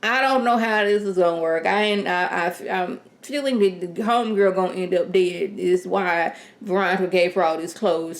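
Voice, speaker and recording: A woman casually reviewing a TV episode in a sassy, animated, rambling way. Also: fairly low pitch, moderate pace, few pauses. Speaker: TV show reviewer. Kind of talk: casual chat.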